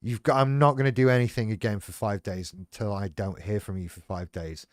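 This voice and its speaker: A man's voice: fairly low pitch, steady tone, brisk, no room sound, studio quality. A man hosting a livestream, chatting frankly and wryly, with plenty of swearing. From United Kingdom. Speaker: livestream host. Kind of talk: casual chat.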